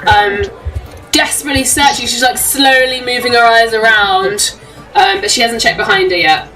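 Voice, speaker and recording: A woman narrating as game master, giggling often and filling pauses with ums. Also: expressive, pushed and bright, recorded from a distance, faint music behind, poor audio. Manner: giggly, lots of ums, puts on shrill crowd voices.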